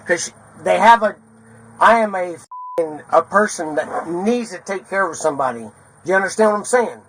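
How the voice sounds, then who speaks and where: A man's voice: high-pitched, expressive, normal speed, fairly bright tone, slight background noise, low-quality recording. Agitated, swearing man pleading with police. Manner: agitated, swearing, swings between threats and apologies. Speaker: arrested suspect. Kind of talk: heated pleading at police arrest. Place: outdoors in a parking lot. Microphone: officer's body camera.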